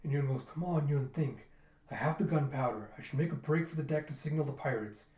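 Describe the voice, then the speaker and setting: A man casually retelling a manga chapter for his readers, slipping into quick voices for the characters. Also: mid-range voice, darkish tone, reverberant. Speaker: manga reviewer reading aloud.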